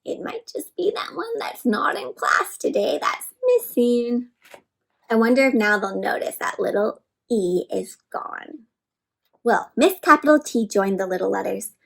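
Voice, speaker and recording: A woman reading a picture book aloud to children, animated, asking them questions and slowly sounding out letters, sometimes dropping to soft whispered asides. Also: on the high side, vocal fry, rough recording. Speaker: children's story reader. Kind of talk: interactive read-aloud for kids.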